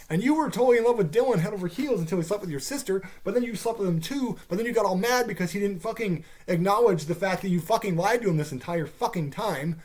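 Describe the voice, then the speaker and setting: A man's voice: high-pitched, a little mellow. A caffeinated man ranting through a profane TV series review, swearing heavily and sounding exasperated. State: caffeinated, wired.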